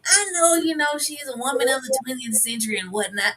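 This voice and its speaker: A high-voiced woman with a sharp, bright tone co-hosts a casual TV recap. She speaks in a lively, emphatic way and scolds the characters with playful exasperation. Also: quick pace, hardly any pauses, slight background noise. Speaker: TV review show co-host.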